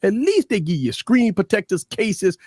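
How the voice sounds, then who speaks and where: A man's voice: high voice, moderate pace, husky. A man co-hosting a live tech stream, talking in casual, blunt, profane banter. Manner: animated, blunt, swears freely. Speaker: tech show co-host.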